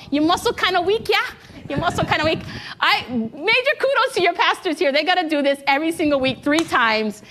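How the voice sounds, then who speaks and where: A woman preaching a sermon to a congregation, lively and engaging them in call-and-response, a little out of breath. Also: high-pitched, a little hiss or hum. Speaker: guest preacher.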